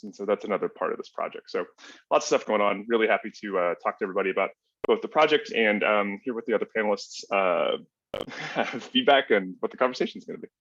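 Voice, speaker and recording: A man's voice: fairly low pitch, fast talker, fairly bright tone. A man on an online academic panel, wrapping up his research talk in a casual, explanatory way over a video call. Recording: dull lo-fi video call audio.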